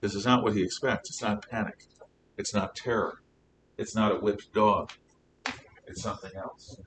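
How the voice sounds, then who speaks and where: A man's voice: on the low side, fairly even intonation, moderate pace, recorded from a distance, noisy background. A man teaching a Bible class, telling stories in an emphatic, conversational way with rhetorical questions.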